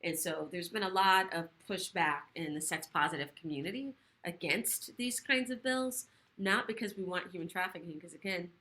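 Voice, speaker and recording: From her living room, a female sexual health educator hosts a relaxed livestream chat. She speaks fast and animatedly, swears casually, and her pitch sits fairly low.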